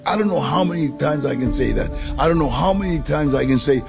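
A middle-aged man with a gravelly voice telling his life story in a street-casual, gritty way. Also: a little high, lively intonation, fairly quick, over music. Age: 40s or older. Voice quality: gravelly, husky. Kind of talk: storytelling testimony.

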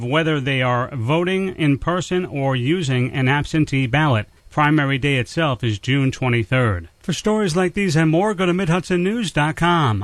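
A man with a fairly high voice reads the local radio news. His delivery is steady and measured. The sound is dry and close to the mic. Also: no room sound. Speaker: local newsreader.

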